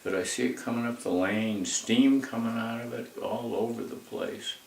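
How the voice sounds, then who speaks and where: A man's voice: medium pitch, normal speed, vocal fry, a little mellow, slight background noise. An older man tells family stories in a rambling, folksy way, with many asides. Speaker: interviewee telling family history. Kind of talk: casual storytelling. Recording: echoey room, mic far off.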